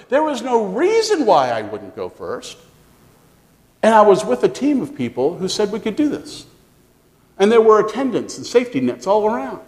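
A middle-aged male pastor preaching a sermon, telling a personal story with lively acted-out voices and frequent laughter. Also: high-pitched. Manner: animated storytelling, acts out voices, laughs often.

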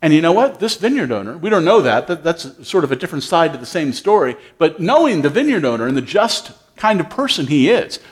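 A man preaching a storytelling sermon in a fairly high voice that climbs and dips constantly. He is a pastor who leans into each anecdote and acts out the dialogue between the characters. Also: big pitch swings, a little fast, hardly any pauses.

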